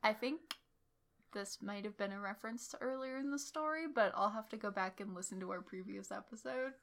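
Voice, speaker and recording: A woman's voice: mid-range voice, brisk, a bit bright. A woman co-hosting a podcast, reading a fanfic aloud and adding dry, amused quips. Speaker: podcast co-host.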